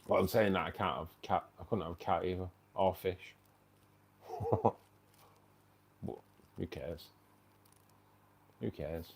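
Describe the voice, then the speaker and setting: A man's voice: low-pitched, a little mellow. A man with a British accent hosting a casual livestream, chatty and slangy, laughing often. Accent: British English. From United Kingdom. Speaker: aquarium channel host.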